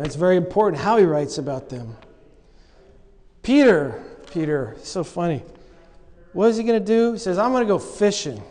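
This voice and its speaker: A man's voice: high voice, mellow, big-room sound. A man preaching a sermon, telling the story with humor and acting out the lines he quotes.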